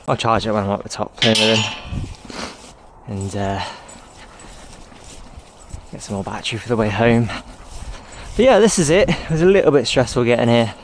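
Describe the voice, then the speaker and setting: A man talks into a handheld camera on an outdoor walk, rambling from one thought to the next and breaking off to coax his dog. His voice sits at an ordinary middle pitch. Steady outdoor noise runs under the whole recording. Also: moderate pace, pauses often. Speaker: vlogger. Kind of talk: casual walking vlog.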